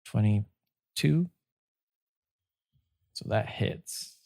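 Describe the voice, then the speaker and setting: A man running a tabletop game, narrating the fight slowly and haltingly, filling gaps with "uh" and "like". His voice sits at a middle pitch and sounds dry and close, with no room around it. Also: lively intonation, vocal fry, darkish tone, no room sound. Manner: slow, halting narration with many fillers. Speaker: game master.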